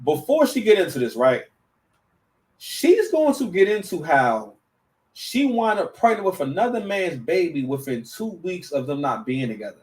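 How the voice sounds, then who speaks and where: Male host reacting to a clip, animated and stammering, slightly high, recorded at a distance. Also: moderate pace. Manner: stammering, slang-heavy, animated. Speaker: commentator. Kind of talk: casual reaction commentary.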